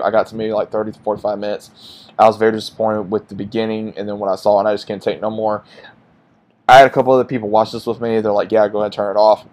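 A man giving a casual, frustrated movie review, bluntly repeating his complaints. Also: fairly low pitch.

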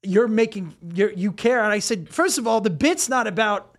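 A middle-aged man with a fairly high voice hosts a casual comedy podcast. He tells stories in an animated way and swears a lot. He acts out the lines he quotes loudly. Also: normal speed.

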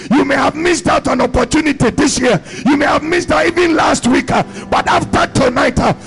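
A man preaching a charismatic sermon at a church service, shouting in rhythmic, repeating phrases with "uh" between them and commanding blessings over the congregation. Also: very high voice, brisk, creaky, faint music behind, poor audio.

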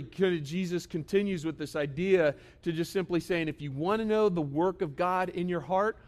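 A male pastor in his thirties preaching in a relaxed, conversational way. His voice sits a little high for a man, and he keeps pressing the congregation with rhetorical questions. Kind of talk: sermon.

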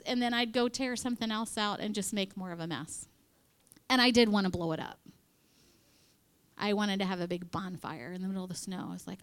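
A woman's voice: medium pitch, moderate pace, a bit bright. A woman speaking to a women's church gathering in a chatty, conversational sermon, acting out quoted voices and dropping into whispered asides. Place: in front of a live audience.

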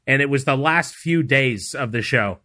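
A man's voice: medium pitch, normal speed, pushed and bright, no room sound, clean studio sound. A man co-hosting a podcast in casual chat, making playful, jokey asides. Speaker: podcast co-host.

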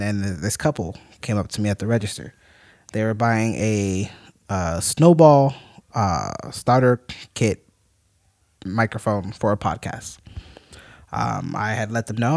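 A man co-hosting a podcast, telling a story in an animated, mock-angry rant. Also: on the low side, a little slow, dry recording, studio quality. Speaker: podcast co-host. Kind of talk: casual podcast chat, storytelling.

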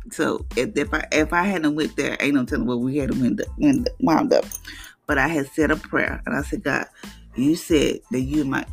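Gravelly-voiced woman giving a tearful testimony. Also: deep voice. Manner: halting, with many restarts and repetitions; earnest, close to tears. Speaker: mother sharing a personal testimony. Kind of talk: emotional personal testimony.

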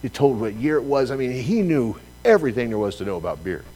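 A man preaching a sermon, telling a personal story with lively acted-out dialogue. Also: medium pitch, quick pace, poor audio. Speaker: pastor.

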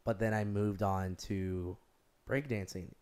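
A young man with a lowish voice, chatting casually and rambling through his stories. He leans on "like" constantly and gets animated in the telling. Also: takes it slowly, clean tone. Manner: rambling, heavy use of "like", animated storytelling. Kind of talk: casual chat.

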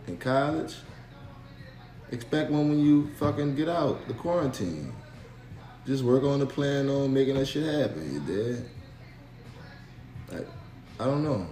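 A man's voice: medium pitch, dark tone. A man co-hosting a podcast with crude, slangy, joking banter. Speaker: podcast co-host. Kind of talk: casual banter. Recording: echoey room.

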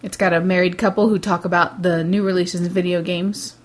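A woman with an American accent co-hosting a casual movie podcast, playful and quick with asides, laughing often. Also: on the low side, level tone. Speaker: podcast co-host. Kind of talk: casual chat about movies.

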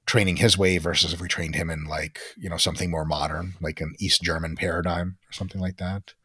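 A man speaking as a guest expert on a podcast, explaining training science bluntly and emphatically and sometimes swearing, in quick lecturing runs. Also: low-pitched, little pitch movement, bright, forceful tone, breathy edge, no echo, studio quality. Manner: blunt, emphatic, sprinkles in profanity. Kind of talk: podcast interview talk.

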